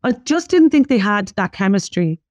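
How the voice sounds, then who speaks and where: A young woman co-hosting a casual pop culture podcast, playful and expressive with jokey asides. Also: mid-range voice, moderate pace, no echo. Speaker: podcast co-host.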